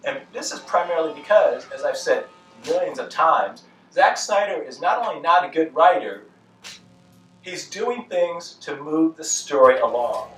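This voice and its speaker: A man's voice: fairly high pitch, lively intonation, moderate pace, fairly bright tone. A man narrating a movie review in a dry, critical, mildly exasperated way. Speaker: film reviewer. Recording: echoey room, mic at a distance, faint music.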